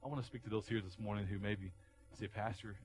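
A man preaching a sermon as a pastor, moving between quiet, low passages and loud, raised delivery, often repeating words as he goes. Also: steady tone, quick pace, slight background noise, poor audio. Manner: repeats words and restarts phrases while preaching.

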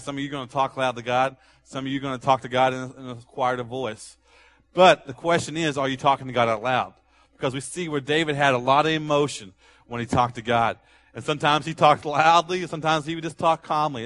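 Bright-voiced male preacher. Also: medium pitch. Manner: conversational, emphatic preaching. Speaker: pastor. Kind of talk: sermon.

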